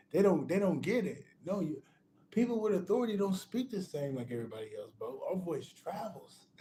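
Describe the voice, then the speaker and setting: A man's voice: sits high, warm tone, slight background noise. A man giving a casual spiritual pep talk, emphatic and repetitive, often restarting phrases and calling the listener bro. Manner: restarts phrases and laughs between points. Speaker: spiritual motivational speaker.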